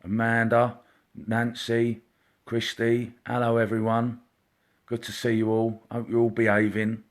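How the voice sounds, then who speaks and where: A man, a psychic medium, hosting a casual live stream, chatty and greeting viewers by name, sometimes dropping into a quiet murmur. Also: mid-range voice, completely flat delivery, measured pace. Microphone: computer or phone mic, live stream.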